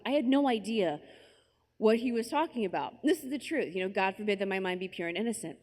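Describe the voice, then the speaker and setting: A woman's voice: mid-range voice, fairly quick. Chatty woman storyteller in a reverberant hall. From United States. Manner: chatty, conversational, full of asides. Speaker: conference speaker. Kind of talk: personal storytelling talk. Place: large conference hall.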